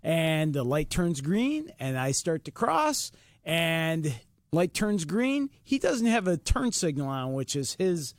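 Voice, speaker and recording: A man co-hosting a podcast, telling a story in an animated, laughing way. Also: a little high, slow pace, no room sound, studio quality. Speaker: podcast co-host. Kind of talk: casual storytelling.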